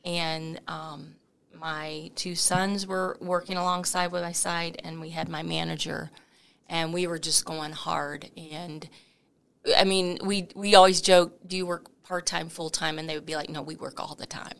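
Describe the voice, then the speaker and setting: A middle-aged woman telling a story as an interview guest, animated and laughing, with many fillers. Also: low-pitched, unhurried, gravelly, clear, resonant tone. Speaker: coffee company founder, interview guest.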